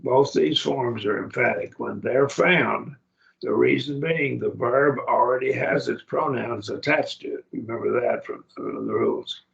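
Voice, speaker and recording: A man's voice: mid-range voice, unhurried, creaky, lo-fi sound. A man teaching a Greek grammar class, explaining patiently and often checking that students follow.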